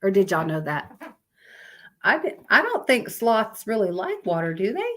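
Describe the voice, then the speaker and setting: A woman's voice: medium pitch, wildly swooping pitch, moderate pace, a bit bright. A woman, chatting casually on a live stream, reading out fun facts to viewers in a rambling, sleepy way. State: sleepy, yawning.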